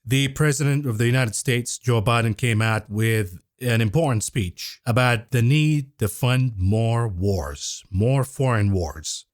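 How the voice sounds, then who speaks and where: A man's voice: medium pitch, unhurried, few pauses, no room sound, clean studio sound. Sarcastic man hosting a market recap. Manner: irreverent, sarcastic. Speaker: market commentary host. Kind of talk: casual market commentary.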